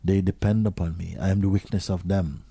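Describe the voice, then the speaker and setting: A man giving a slow, questioning spiritual talk to an audience, sometimes dropping to a near whisper. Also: low-pitched, steady tone, vocal fry, warm tone, slightly rough, no room sound. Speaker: spiritual teacher.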